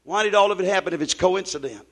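High, bright-voiced male preacher. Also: fast. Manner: preaching with sudden swings between loud emphasis and near-whisper asides; asks the congregation questions. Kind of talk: sermon.

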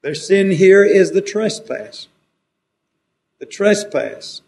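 A man preaches a sermon, his voice sitting a little higher than most men's. He quotes old scripture and swings his emphasis up and down, pressing hard on key words and then dropping low and quiet. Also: expressive, slow pace, vocal fry. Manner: preaching with rising and falling emphasis, quoting scripture.

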